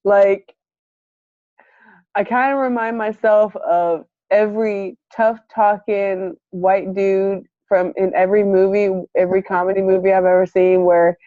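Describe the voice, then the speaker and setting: Here a woman of medium pitch, talking a little slowly, recounts a story casually and animatedly. She laughs frequently and performs the quoted lines herself, all captured in dry, muffled lo-fi audio.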